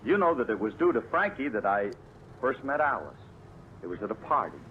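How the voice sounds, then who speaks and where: A man's voice: medium pitch, sing-song, brisk, narrow, tinny audio, natural voice. A man playing Phil, a folksy dim bandleader. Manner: folksy, self-pitying, ungrammatical. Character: boastful, dim-witted male bandleader. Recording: old radio broadcast with hiss.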